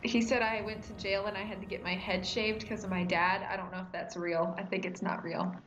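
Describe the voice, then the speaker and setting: A woman's voice: medium pitch, little pitch movement, brisk, a bit bright. A woman hosting a live gaming stream from her room, chatting and teasing her co-host. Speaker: livestream host. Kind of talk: casual chat while gaming. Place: home room. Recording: dull lo-fi stream audio with faint music.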